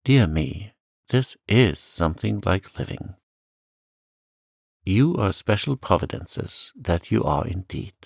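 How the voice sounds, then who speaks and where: A man's voice: low voice, lively intonation, slow, vocal fry, darkish tone, dry recording, studio quality, full character voice. A man voicing a lonely, sweet little old lady who talks in a chirpy, eager, fluttery way. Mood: delighted.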